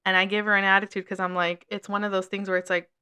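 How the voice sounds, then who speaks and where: A young woman co-hosting a casual chat, telling a work story in a lively way and swearing often. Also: medium pitch, quick pace, smooth. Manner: animated storytelling with frequent swearing. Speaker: podcast co-host.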